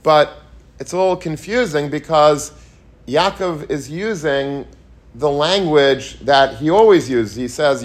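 A man's voice: on the high side, normal speed. A man teaching the weekly Torah portion, earnest and repetitive, asking rhetorical questions and mixing in Hebrew and Yiddish terms. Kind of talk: Torah lecture.

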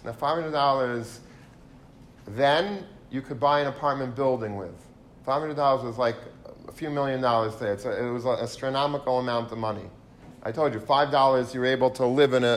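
A man telling a long story to listeners in a lively way, with asides and frequent restarts. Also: mid-range voice, fairly quick. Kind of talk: storytelling talk.

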